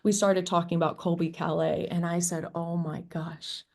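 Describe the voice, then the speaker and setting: A woman from Kentucky, a guest musician, telling stories in a casual interview, animated and laughing often as she acts out quotes. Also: lowish voice, moderate pace. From Kentucky, USA. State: hoarse.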